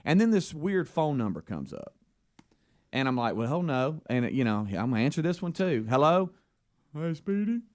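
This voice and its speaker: A man's voice: mid-range voice, sing-song, normal speed. A man with a Southern US accent, a radio co-host telling a rambling story in casual talk on air, acting out the phone calls in it. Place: radio studio.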